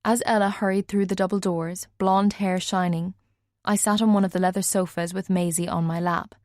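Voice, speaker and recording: A woman narrating a first-person audiobook in a measured way, lightly voicing the other characters. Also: mid-range voice, level tone, a little mellow, no echo. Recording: dry studio recording.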